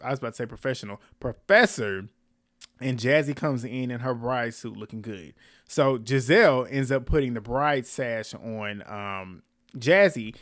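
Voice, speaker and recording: A man talks through a reality TV episode in a loose, gossipy recap. His delivery is animated and full of laughter, with his pitch sitting in the middle. The sound is dry and close, with no room around it. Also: no room sound.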